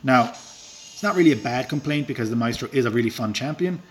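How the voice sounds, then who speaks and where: A man's voice: medium pitch, expressive, fairly quick, a little hiss or hum. Rural Irish man chatting over gameplay. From Ireland. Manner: rambling and self-deprecating, with filler words and chuckles. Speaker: game streamer. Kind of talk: casual live-stream chat while gaming.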